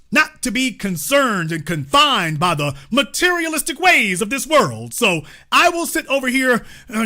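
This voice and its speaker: A man's voice: high voice, bright, forceful tone, full character voice. A man putting on the voice of a smug, condescending wealthy man, delivered with mocking, patronizing sarcasm.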